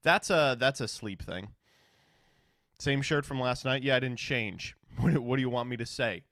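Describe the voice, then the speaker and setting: A man streaming and casually chatting, answering viewer questions in a sardonic, profane, animated way. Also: medium pitch, normal speed, no echo, studio quality.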